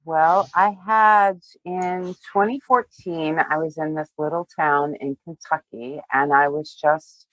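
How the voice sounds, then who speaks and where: A woman guest on a podcast, sharing a personal story in a heartfelt, emotional way, often halting and restarting. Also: low-pitched, fairly even intonation, a bit bright, no room sound, dull audio. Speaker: tarot reader, guest.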